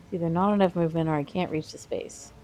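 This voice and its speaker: A woman's voice: sits low, fairly even intonation, fast, darkish tone, soft background music. A woman co-hosting a let's play, chatting casually and reacting as she plays. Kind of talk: casual gameplay chat.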